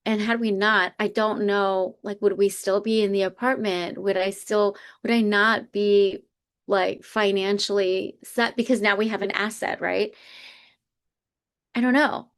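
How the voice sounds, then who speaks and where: A woman's voice: medium pitch, measured pace. A woman co-hosting a podcast, chatting casually and earnestly retelling a personal story. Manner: earnest, reflective, retells stories with animated quotes. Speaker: podcast co-host.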